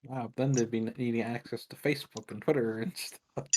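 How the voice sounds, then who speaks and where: A man's voice: medium pitch, fairly even intonation, a little fast, a little mellow. A man chatting bluntly with his tabletop group and swearing casually. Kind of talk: casual chat among tabletop players.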